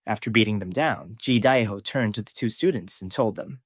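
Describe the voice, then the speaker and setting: A man narrating a scripted story recap in a steady storytelling way. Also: lowish voice, normal speed, hardly any pauses, no echo, studio quality.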